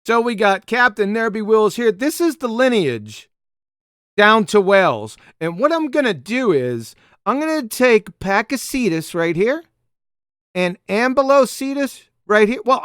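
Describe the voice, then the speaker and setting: Sarcastic guy hosting a live show, bouncy bright voice, smooth and dry. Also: sits high, very animated, normal speed, no echo. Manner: mocking, emphatic, addresses viewers. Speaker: host. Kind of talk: live online discussion.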